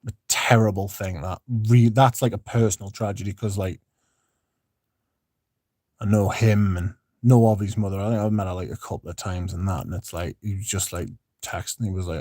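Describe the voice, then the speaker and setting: A man's voice: lowish voice, steady tone, a little fast, warm tone, dry recording, studio quality. A man hosting a casual livestream, reading out viewer comments and chatting in a rambling, laid-back way with the odd swear. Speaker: livestream host.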